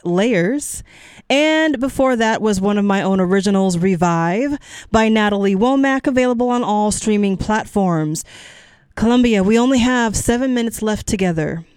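Woman radio DJ with a smooth, dry voice. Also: a little high, animated, measured pace, a little mellow, no room sound. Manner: chatty and encouraging, wanders off track. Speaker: radio DJ and show host. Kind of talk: casual radio talk between songs. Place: radio studio. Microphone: studio microphone.

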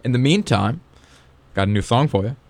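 A man's voice: medium pitch, lively intonation, fairly quick, gravelly. A man hosting a radio show in casual chat, easygoing and rambling. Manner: easygoing, rambling, lots of fillers. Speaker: radio host.

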